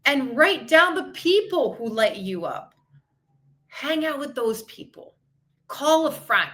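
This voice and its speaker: A woman's voice: high-pitched, very animated, a little slow, bright, forceful tone. A woman fitness and mindset coach hosting a live podcast session, chatty and upbeat, talking to viewers and reading their comments. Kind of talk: live-streamed motivational talk.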